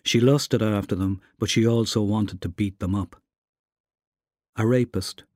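A man giving a measured reading of a literary short story. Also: on the low side, steady tone, mellow, no room sound, studio quality. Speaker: reader.

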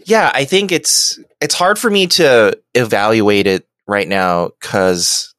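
A man co-hosting a podcast in casual chat, who laughs often and makes animated asides. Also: lowish voice, slow, no echo, clean studio sound. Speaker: podcast co-host.

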